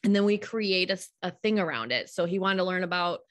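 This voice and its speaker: A woman's voice: fairly low pitch, expressive, brisk. A woman guest, a homeschooling mother, talking things through at length in an earnest, open way during a casual live call.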